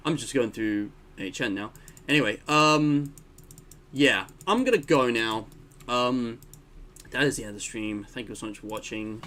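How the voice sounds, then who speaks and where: A man's voice: medium pitch, normal speed, pushed and bright. A man hosting a game stream, chatting casually and amused, with frequent laughs and wry asides. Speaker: streamer and channel host.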